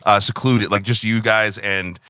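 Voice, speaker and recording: A man's voice: fairly low pitch, clean tone, no echo. A man narrating a tabletop role-playing game as game master, talking casually with lots of filler words. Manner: animated, quick, full of filler words.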